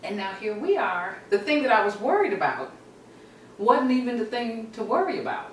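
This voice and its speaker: A middle-aged woman, a mother, telling a family story in casual chat, animated and acting out what people said. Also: fairly high pitch, moderate pace, slight background noise. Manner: animated storyteller, laughs and acts out quotes. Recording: roomy, slightly distant mic with faint ambience.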